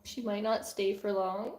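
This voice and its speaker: A young woman with a mellow, mid-range voice hosts a live Q&A stream from home, where her cats keep her company. She's an artist, chatting casually, giggling, and saying "like" a lot. The sound is roomy, picked up by a camera sitting on her desk.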